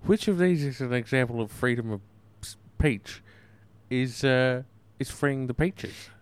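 A man's voice: mid-range voice, measured pace, clean tone. A man co-hosting a comedy podcast, running improvised banter in a mock-formal quiz-host patter.

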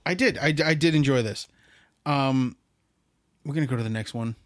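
Blunt dry-voiced man giving flat verdicts. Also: mid-range voice, moderate pace, no echo. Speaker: podcast co-host. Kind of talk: casual chat about music.

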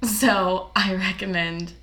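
With a mid-range voice, fairly even intonation and a fairly bright tone, this young podcast co-host speaks slowly. Her casual chat is giggly and packed with filler words, and the room echoes with a faint hum of background noise.

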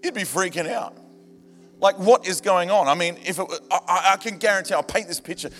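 A man preaching a sermon to a church, animated and humorous, rising to shouts at times. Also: sits high, fairly quick. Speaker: pastor. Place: church hall. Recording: reverberant church hall with music. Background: band music.

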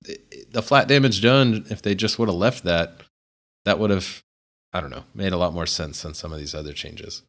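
A man's voice: low voice, normal speed, fairly bright tone. A man co-hosting a gaming podcast, laid-back and a bit hesitant, slightly under the weather. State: a little sick. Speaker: podcast co-host. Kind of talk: casual gaming podcast chat.

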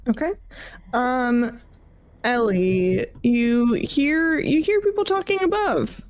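A woman narrating as game master at a tabletop game, calm and measured. She speaks slowly in a slightly higher voice.

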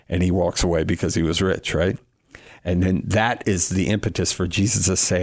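A middle-aged man, a guest on a radio talk show, explaining Bible passages in a lively way and acting out quoted speakers. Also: fairly low pitch, brisk, no echo, studio quality. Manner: animated, acts out quoted speakers. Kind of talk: casual talk on Bible teaching.

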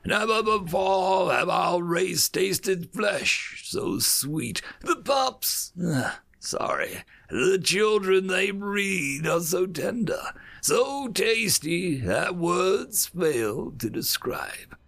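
Man doing a snarling alien predator, cruel, menacing, high strained voice, gravelly. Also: sing-song, drawn-out words, fairly bright tone, heavily acted. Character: snarling cruel canine alien male ambassador. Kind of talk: audiobook character voice.

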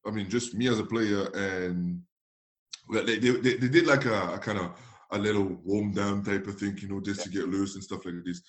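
A man from France with a French accent, a guest telling animated anecdotes in a casual interview, acting out quotes and laughing often. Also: on the low side, moderate pace. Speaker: guest, former footballer.

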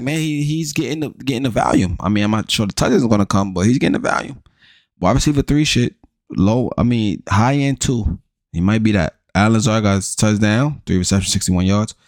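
A man with a very deep voice runs through a loose, unscripted recap as the host of his own show. He talks in slang and curses freely, calling his listeners bro. The sound is close and dry, with no room around it. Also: no echo. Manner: slangy, profane, rambling, addresses listeners as bro. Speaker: fantasy football show host. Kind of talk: casual recap monologue.

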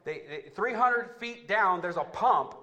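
A man preaching a sermon as pastor, talking straight to his church and building to loud, fervent climaxes. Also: high-pitched, expressive, unhurried. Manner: calls out to the congregation.

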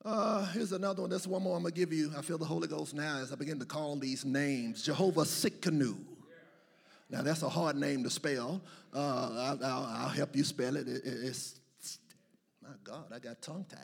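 Gravelly, high-voiced preacher. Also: male voice, fairly even intonation, normal speed. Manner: building to shouted, chanted call-and-response preaching; playful asides to the congregation. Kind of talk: sermon.

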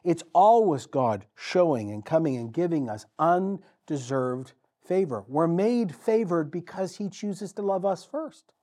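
A man preaching a sermon as pastor, telling the story vividly with dramatic pauses and repetition. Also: on the high side, lively intonation, dark tone.

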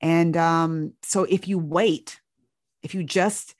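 A woman's voice: sits low, steady tone, slow, a little mellow, no echo, studio quality. A woman doctor telling a reflective story in an earnest, searching way, often restarting her sentences.

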